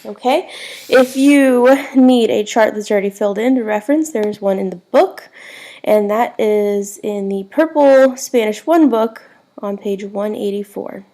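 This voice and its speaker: A woman's voice: mid-range voice, measured pace, dark tone. A woman teaching a recorded Spanish lesson, spelling words out letter by letter.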